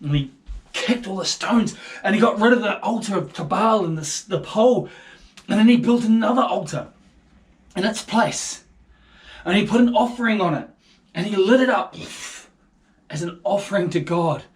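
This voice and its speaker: A man with a New Zealand accent telling a Bible story to kids, casual and playful throughout. His fairly high voice swings a lot in pitch. He keeps the telling lively and easygoing. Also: normal speed. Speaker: children's ministry storyteller. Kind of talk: storytelling for children.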